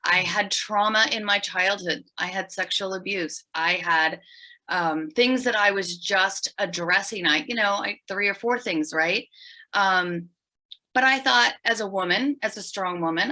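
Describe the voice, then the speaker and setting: A middle-aged woman, a podcast guest, telling her story in an animated, emphatic way. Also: medium pitch, measured pace, rough recording. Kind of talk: storytelling in an interview.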